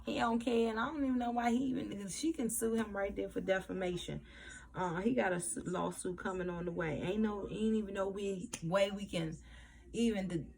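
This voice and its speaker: Gravelly-voiced woman recapping a TV episode. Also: medium pitch. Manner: animated retelling, acts out characters' lines. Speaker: TV episode reviewer. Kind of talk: casual recap to camera.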